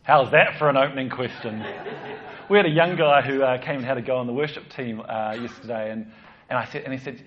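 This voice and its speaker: A man's voice: mid-range voice, fast, muffled recording. A man preaching a casual, joking sermon as the church's pastor. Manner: chatty, joking, animated.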